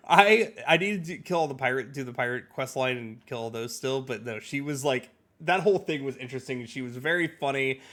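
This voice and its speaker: Man podcast co-host, enthusiastic, very lively intonation. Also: mid-range voice. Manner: enthusiastic, quick to laugh. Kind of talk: casual chat.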